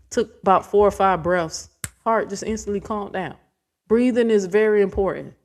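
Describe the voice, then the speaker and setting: A woman's voice: medium pitch, normal speed. Blunt, profane woman vlogging. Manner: blunt, profane, rambling and emphatic. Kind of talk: casual vlog rant.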